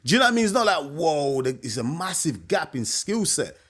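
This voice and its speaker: A man's voice: on the high side, very animated, a little fast, a bit bright, husky. A man, a boxing coach giving his opinion to camera in a casual, emphatic way, often asking "you know what I mean". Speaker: boxing coach and channel host.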